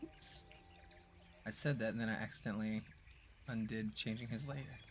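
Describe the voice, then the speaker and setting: A man running a tabletop game as game master, who narrates in a relaxed, rambling way with lots of fillers. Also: lowish voice, normal speed, a little hiss or hum.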